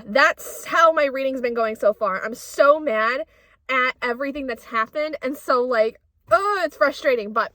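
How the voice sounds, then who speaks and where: A woman's voice: high voice, sharp tone. A woman book vlogger chatting casually while out running errands, ranting heatedly and swearing often. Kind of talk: casual vlog chat.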